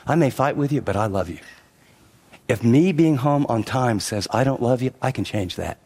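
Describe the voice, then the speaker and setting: A man's voice: medium pitch, expressive, moderate pace, a little mellow. A middle-aged man preaching a sermon, telling a personal story and then pressing his points with emphatic, repeated lines and quoted asides. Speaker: pastor. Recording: long hall reverb.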